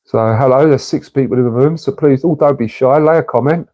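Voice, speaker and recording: A man's voice: mid-range voice, a little fast, muffled recording. A man hosting a casual livestream, chatting in a matey way and answering viewers' comments. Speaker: livestream host.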